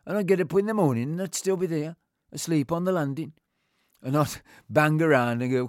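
A man's voice: a little high, normal speed, no room sound, studio quality. A middle-aged man, telling personal memories in a rambling, heartfelt way. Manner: rambling, heartfelt storytelling with frequent restarts. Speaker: interviewee. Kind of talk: personal reminiscence.

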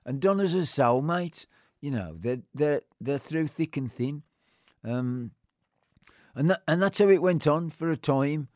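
A man's voice: on the high side, animated, unhurried, a little mellow, no room sound, studio quality. A middle-aged man, telling personal memories in a rambling, heartfelt way. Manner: rambling, heartfelt storytelling with frequent restarts. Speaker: interviewee. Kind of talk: personal reminiscence.

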